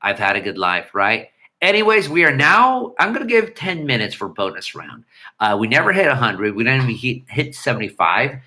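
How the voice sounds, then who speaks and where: A middle-aged man chatting loosely on a home livestream, reading out comments as they come. His voice is bright and forward. He wanders between thoughts and breaks into hummed, scatted bits of melody. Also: medium pitch, very animated, normal speed. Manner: rambling, hums and scats melodies. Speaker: livestream host. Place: home room.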